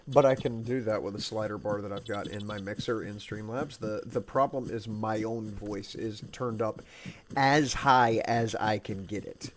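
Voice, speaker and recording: A man's voice: fairly low pitch, steady tone, moderate pace. Wry young man streaming a game. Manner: joking, wry, rambling. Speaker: streamer playing a survival game. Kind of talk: casual gaming chat.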